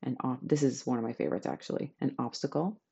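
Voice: mid-range voice, steady tone, fast talker, gravelly, warm tone, slightly rough, highs cut off. A podcast host giving a chatty, enthusiastic self-help talk to listeners.

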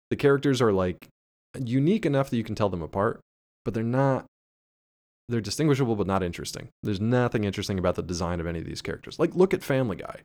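A man's voice: sits low, a little mellow. A man co-hosting a podcast in casual chat, sardonic and profane, with exaggerated complaints. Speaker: podcast co-host.

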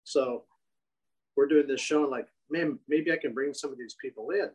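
A man's voice: medium pitch, moderate pace, a little mellow, husky, low-quality recording. A man, a show creator, telling chatty anecdotes in a casual interview and laughing along.

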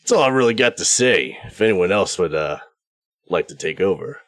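A man with a deep voice, recorded dry and close, introduces his tabletop character. He talks relaxed and offhand, with plenty of fillers. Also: moderate pace, dry recording. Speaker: player.

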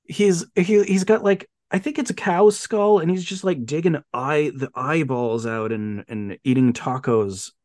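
A man co-hosting a podcast, chatting casually about films and retelling plots with animated storytelling and quick silly voices for the characters. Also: a little high, no room sound, studio quality. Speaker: podcast co-host. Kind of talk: casual film chat.

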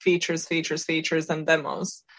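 A woman co-hosting a podcast, explaining her ideas in a relaxed, reflective way. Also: deep voice, moderate pace. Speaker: podcast co-host. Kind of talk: casual chat.

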